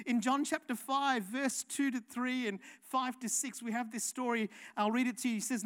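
A woman preaching a passionate sermon, building to loud rhetorical questions. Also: on the high side, steady tone, moderate pace, hardly any pauses.

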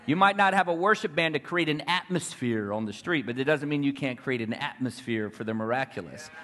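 A man's voice: mid-range voice, animated, brisk, sharp tone. A man preaching a fervent sermon, telling stories and calling to the crowd for responses.

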